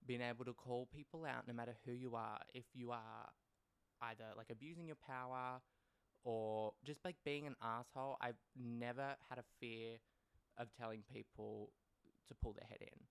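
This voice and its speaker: This young male podcast host tells stories casually at a moderate pace, his medium-pitched voice fairly even, clear and resonant, with no room sound. He's profane and blunt, with a wry habit of wandering off into tangents.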